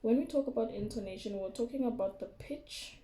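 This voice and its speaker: A woman teacher giving a recorded remote lesson, explaining terms slowly with frequent okays and ums. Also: a little high, dark tone. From South Africa.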